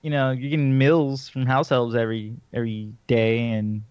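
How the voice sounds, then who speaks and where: A man's voice: mid-range voice, little pitch movement, moderate pace, darkish tone, clear, resonant tone. Chatty man, dull lo-fi sound. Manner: chatty, many "like" and "you know" fillers. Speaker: podcast co-host. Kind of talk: casual book discussion.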